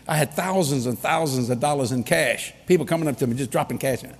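A man preaching a sermon, telling stories with humor and bursts of shouting. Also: fairly high pitch, quick pace, vocal fry, hardly any pauses, big-room sound. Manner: animated storytelling with humor and sudden shouts.

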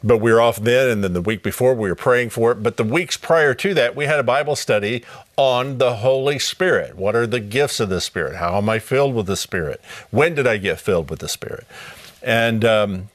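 A middle-aged man hosting a live Bible study broadcast, upbeat and welcoming, reading scripture aloud and repeating contact details slowly. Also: mid-range voice, no room sound.

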